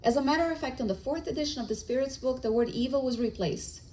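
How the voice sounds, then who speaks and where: A woman's voice: high voice, fast talker, low-quality recording. A middle-aged woman giving a spiritist lecture, telling stories and acting out the dialogue, with frequent restarts. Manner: animated storytelling with acted-out dialogue.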